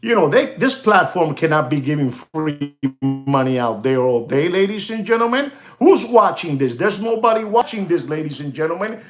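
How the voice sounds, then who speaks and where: Man, content creator, slightly high-pitched, repetitive rambling rant aimed at his viewers. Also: big pitch swings, normal speed, reverberant, over music. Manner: rambling, repetitive, keeps saying "you know" and "ladies and gentlemen". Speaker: watch channel content creator.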